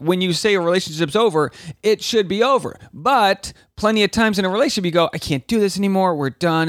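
A man's voice: high-pitched, a bit bright, no echo, studio quality. A man hosting a comedy reaction podcast, cracking jokes and riffing sarcastically between clips with a grating voice. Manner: wisecracking, riffs and asides. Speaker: comedian commentary host.

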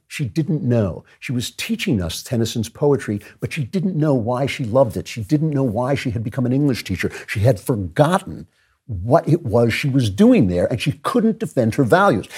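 A man hosting his own show, delivering an earnest opinion monologue with personal asides and repeated phrases. His pitch rises sharply when he makes a point. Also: darkish tone, breathy edge. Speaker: show host.

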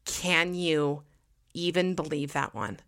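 A young woman with a low, dark-toned voice hosts a casual podcast. She chats with heavy use of "like" and reads listener stories aloud with growing excitement. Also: takes it slowly. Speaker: podcast host.

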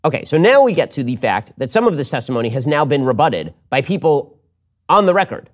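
A man hosting a political commentary show, talking fast and argumentatively, with a read ad segment. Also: on the high side. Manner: quick, animated, argumentative.

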